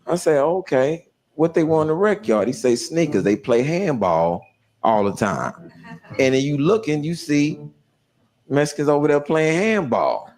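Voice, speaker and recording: A man's voice: fairly high pitch, moderate pace. A man telling a stand-up comedy story, voicing the people in it and laughing through his lines. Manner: animated, voices other inmates, laughs through lines.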